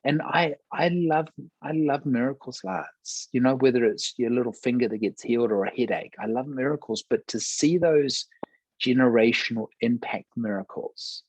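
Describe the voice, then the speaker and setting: Husky, earnest man telling testimony. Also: medium pitch, normal speed, a little mellow, no room sound, low-quality recording. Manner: earnest storyteller, acts out quoted dialogue. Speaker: pastor.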